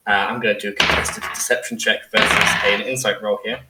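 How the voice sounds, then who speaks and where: Bright-voiced male game master. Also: fairly low pitch, little pitch movement, a little fast, few pauses, echoey room, distant mic, a little hiss or hum, poor audio. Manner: narrates scenes and voices characters, laughs often. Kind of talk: narrating a tabletop game.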